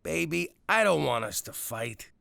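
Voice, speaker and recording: A man voicing an exasperated former mob boss and father with a gravelly New York accent in an adult cartoon. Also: a little high, big pitch swings, measured pace, pushed and bright, no echo, heavily acted. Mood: pleading. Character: blustery ex-mob boss father, soft on his daughter. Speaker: club owner and father.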